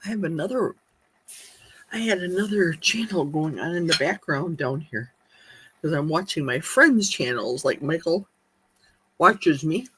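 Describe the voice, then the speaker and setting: A woman's voice: sits low, lively intonation, measured pace, pauses often, fairly bright tone, a little hiss or hum. A woman chatting casually on a live stream, eating as she talks and reading viewer comments aloud in her kitchen. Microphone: streaming mic.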